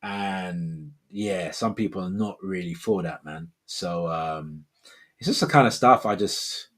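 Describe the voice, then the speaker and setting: Low husky man in his 40s, rambling livestream host, laid-back. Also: unhurried, a bit bright. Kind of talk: casual chat, reading viewer comments.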